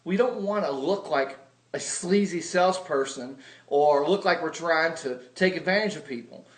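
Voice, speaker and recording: A man's voice: a little high, normal speed, echoey room. A man giving a humorous, self-deprecating sales lesson, telling stories with comic exaggeration. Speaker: video blogger teaching sales.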